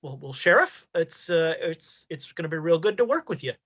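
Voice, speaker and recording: A woman's voice: low voice, very animated, normal speed, fairly bright tone, slightly rough, heavily acted. A woman voicing a nervous, strong young male deputy in a tabletop game, hesitant and eager to please.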